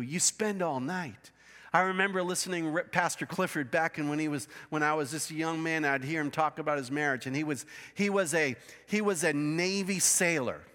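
A man's voice: sits high, pushed and bright. A man preaching a sermon as pastor, telling the story emphatically with many restarts. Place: church sanctuary. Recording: reverberant church hall.

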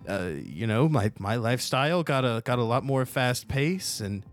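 A man's voice: medium pitch, expressive, faint music behind, lightly acted. A man voicing a prim, status-minded gnome mother at a fancy party, talking down to people and restarting his sentences often. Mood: dismissive. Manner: condescending, halting with many restarts.

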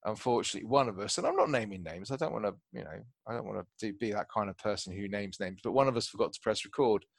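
Podcast host, male, low and gravelly, loose joking chatter. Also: big pitch swings, quick pace, hardly any pauses, no echo. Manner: joking, rambling with restarts. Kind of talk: casual banter.

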